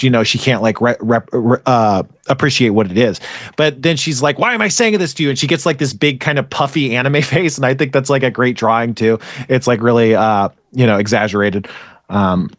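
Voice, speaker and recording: A man's voice: mid-range voice, normal speed, no room sound. Rambling man recapping in a dry room. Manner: rambling, filler-heavy retelling with restarts. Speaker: podcast host recapping an anime. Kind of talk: casual chat.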